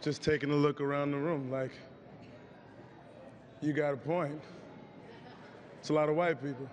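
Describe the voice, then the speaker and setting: A hoarse actor answering reporters candidly in an awards press room. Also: male voice, a little high, moderate pace, in a large hall, muffled recording. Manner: candid, reflective, loosens up when excited.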